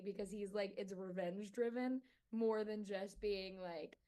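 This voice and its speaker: A woman's voice: medium pitch, normal speed, hardly any pauses, dark tone. A woman interviewing casually, talking in a bubbly, rambling way.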